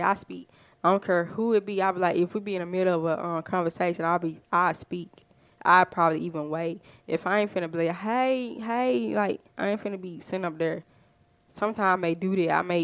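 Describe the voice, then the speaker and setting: Woman podcast host, lower-pitched, chatty and rambling, smooth voice, dry close sound. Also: dry recording. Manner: chatty, rambling, lots of fillers. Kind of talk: casual storytelling.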